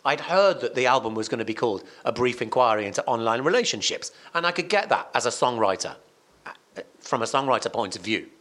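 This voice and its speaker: Male radio host as podcast guest, mid-pitched, lively and emphatic, keeps restarting sentences. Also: quick pace. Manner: animated and emphatic, frequent restarts and repetitions. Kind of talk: casual conversational storytelling.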